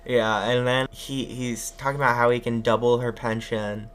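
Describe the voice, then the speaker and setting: A man's voice: mid-range voice, level tone, normal speed, a bit bright, a little hiss or hum. Man guest rambling through a movie plot. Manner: rambling retelling with fillers, acts out quotes. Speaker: podcast guest. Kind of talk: casual film recap chat.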